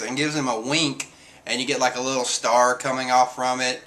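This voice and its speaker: A man giving a casual spoken manga review, excitable and jumping into high voices for the characters. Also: moderate pace.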